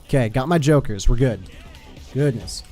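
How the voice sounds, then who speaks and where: A man's voice: medium pitch, moderate pace, warm tone, soft background music. A young American man streaming a game, chatting loosely with teammates and swearing now and then. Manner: loose, swears, chats with teammates while playing. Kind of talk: casual gaming stream chat.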